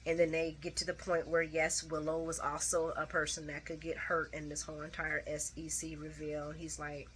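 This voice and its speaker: A woman with a bright, forward voice talks through a soap opera recap like she's catching up a friend. Her delivery is chatty and animated, with blunt personal asides between the retold scenes. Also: sits low, normal speed, hardly any pauses, a little hiss or hum. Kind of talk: casual retelling of a TV episode.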